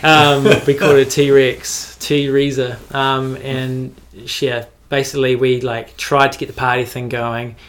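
A young man with a New Zealand accent, telling rambling stories in casual chat, full of "like" and quick laughs. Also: mid-range voice, flat delivery. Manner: rambling storytelling with frequent "like" and laughs.

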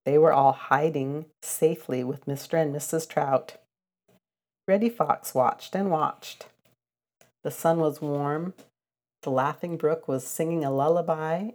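An older woman reading a children's storybook aloud, gentle and expressive with a sing-song lilt. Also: sits low.

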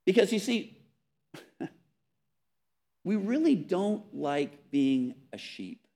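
Earnest male preacher, slightly high voice. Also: very animated, slow pace, long pauses. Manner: earnest, emphatic, with repeated words and soft drops on key phrases. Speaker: pastor. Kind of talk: sermon.

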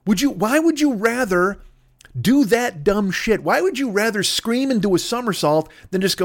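A man's voice: high voice, animated, normal speed. A man hosting a comedy podcast, ranting in a rambling, profane, exasperated way. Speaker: podcast host. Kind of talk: comedic rant.

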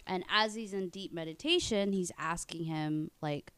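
A woman's voice: fairly low pitch, moderate pace, smooth, no room sound. A woman in casual podcast chat, telling stories and acting out the people she quotes. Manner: storytelling, animated when quoting.

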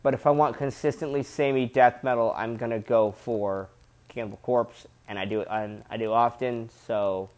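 A man's voice: mid-range voice, fairly even intonation, moderate pace, darkish tone. A young man reviewing a metal album in a casual vlog, rambling and repeating himself with loose slang. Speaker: music reviewer.

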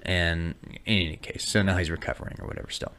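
A young adult man co-hosting a podcast, telling crude stories loudly and breaking into yelled impressions. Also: deep voice, quick pace, a little hiss or hum. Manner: loud, animated storytelling with yelled impressions. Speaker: podcast co-host. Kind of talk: casual crude chat.

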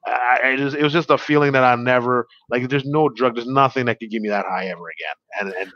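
A man's voice: mid-range voice, fast talker, no room sound, lo-fi sound. A man, a stand-up comedian guest, telling stories in a casual interview, rambling with fillers and restarts.

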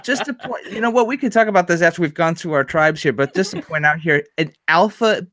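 A man's voice: fairly high pitch, brisk, fairly bright tone, no room sound, clean studio sound. A man co-hosting a casual chat, enthusiastic and knowledgeable. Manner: enthusiastic, knowledgeable about card history. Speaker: podcast co-host.

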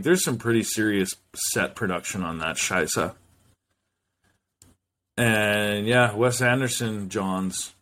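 A man's voice: lowish voice, a bit bright, a little hiss or hum. A man hosting a solo podcast, rambling loosely from one thought to the next and swearing freely. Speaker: podcast host.

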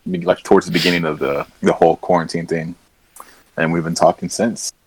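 A man's voice: low-pitched, flat delivery, fairly quick, slightly rough, no echo, poor audio. A young man co-hosting a casual podcast over a call, rambling through stories with plenty of fillers. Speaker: podcast co-host. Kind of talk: casual chat.

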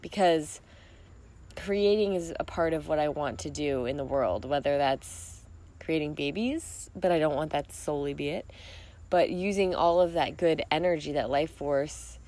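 A woman's voice: low voice, moderate pace, a little mellow. A woman hosting a solo podcast, talking in a rambling, reflective way and laughing often. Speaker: podcast host. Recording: music playing behind.

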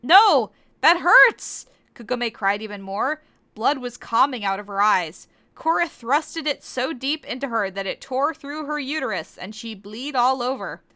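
Bright-voiced woman reading fan fiction aloud. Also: fairly high pitch, animated, moderate pace. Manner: mock-serious, giggly asides. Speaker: podcast host. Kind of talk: comic dramatic reading.

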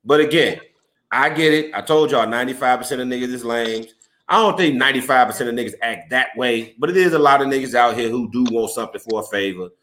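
A man hosting a casual, profane chat, animated and laughing often, repeating his phrases as he riffs. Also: medium pitch, fast talker, slight background noise. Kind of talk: casual podcast banter.

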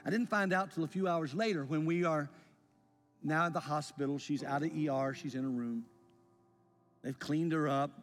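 Impassioned pastor preaching in a big hall. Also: male voice, a little high, moderate pace, faint music behind. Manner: impassioned, swelling then dropping to a hush. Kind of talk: sermon. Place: church sanctuary. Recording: long reverb in a large hall.

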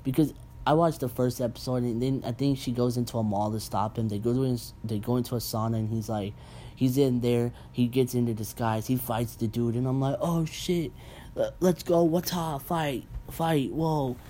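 Young man, casual rant, profane, blunt, warm dark tone, faint background hum. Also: mid-range voice, fairly quick. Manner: blunt, profane, animated asides. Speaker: podcast host.

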